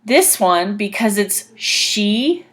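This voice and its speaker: A woman's voice: medium pitch, sing-song, extremely slow. A woman teaching an English grammar lesson, carefully sounding out words letter by letter and repeating examples.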